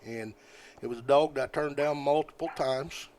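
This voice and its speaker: An older man, a podcast guest telling stories in a folksy, rambling way, often halting with fillers. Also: medium pitch, fairly even intonation, darkish tone, a little hiss or hum. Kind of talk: casual storytelling.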